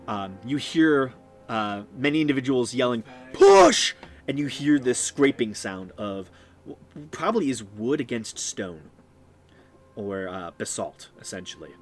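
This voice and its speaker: Male game master narrating scenes, descriptive, halting with ums, mid pitch. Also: expressive, soft background music. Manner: descriptive, with many ums and restarts. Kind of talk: narrating a tabletop game on a live stream.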